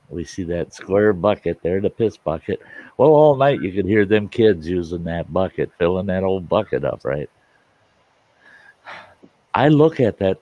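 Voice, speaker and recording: A man's voice: fairly low pitch, a little mellow, no echo, muffled recording. A man hosting a show, telling a folksy campfire story in casual talk and chuckling through it. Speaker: storyteller host.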